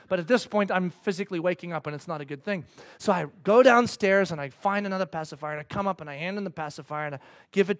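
A man preaching with a high, light voice, telling a story with lively, acted-out voices before sinking into quiet, intense exhortation. He sounds like a pastor working his congregation. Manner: animated, acts out voices, drops to hushed intensity. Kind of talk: storytelling sermon.

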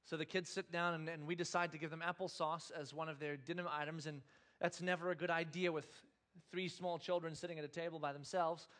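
Man, pastor, sermon storytelling, high pitch, animated, quiet to loud. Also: fairly quick.

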